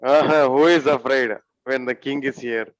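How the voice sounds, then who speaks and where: A man's voice: mid-range voice, fairly even intonation, moderate pace, poor audio. A man on a video call, talking in a confident, joking way. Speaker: meeting participant. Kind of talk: casual chat.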